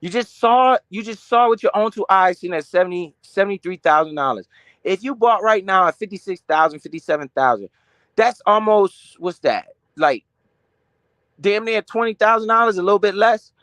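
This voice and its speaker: A young adult man hosting a casual finance live stream. He talks in an animated, slangy and profane way, asking questions and answering them himself. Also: sits high, normal speed, dry recording.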